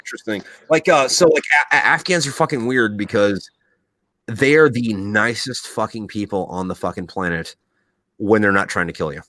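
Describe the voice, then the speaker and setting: A man hosting a podcast who is a military veteran, telling profane, animated stories in casual chat. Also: on the low side, normal speed, no echo.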